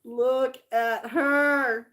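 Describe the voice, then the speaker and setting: A woman's voice: sits high, steady tone, drawn-out words, fairly bright tone. Chatty woman vlogger cooing over old dolls. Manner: chatty, doting, rambling with fillers. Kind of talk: casual livestream chat.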